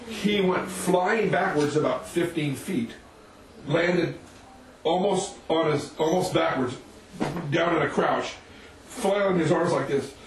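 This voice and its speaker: A man preaches by telling a story, animated and chuckling as he goes. His voice sits a bit high for a man. He is picked up from a distance in an echoey room. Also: a little slow, long pauses, noisy background. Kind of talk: sermon storytelling.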